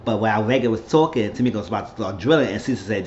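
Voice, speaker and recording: A man's voice: lowish voice, expressive, racing, a little mellow, a little hiss or hum. A man hosting a casual recap vlog, retelling a reality show episode in a rambling way and acting out what people said. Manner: rambling storyteller, acts out quotes. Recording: slightly dull lo-fi audio.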